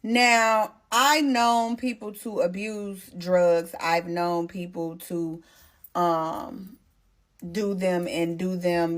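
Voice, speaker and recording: A young woman telling a personal story to her followers in a casual, animated way, with blunt slang and swearing. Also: fairly low pitch. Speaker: storytime vlogger.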